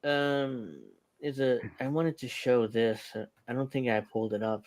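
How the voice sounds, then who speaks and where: A man's voice: mid-range voice, fairly even intonation, normal speed, a little mellow. A man hosting a casual podcast chat, reading posts aloud and laughing often between remarks. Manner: reads tweets aloud, laughs often, searches for clips. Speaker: podcast host.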